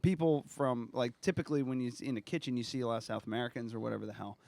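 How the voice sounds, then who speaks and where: A man's voice: mid-range voice, fairly even intonation, rapid-fire, gravelly, a little mellow, no echo. A man, casually co-hosting a podcast, swearing and laughing as he mocks mispronounced food words. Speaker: podcast co-host. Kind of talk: casual chat.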